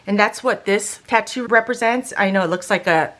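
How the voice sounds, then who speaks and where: A middle-aged woman talking through a stationery haul in a casual, chatty way that turns emotional and excitable. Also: mid-range voice, moderate pace. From Korean. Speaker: stationery vlogger. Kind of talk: casual show-and-tell haul.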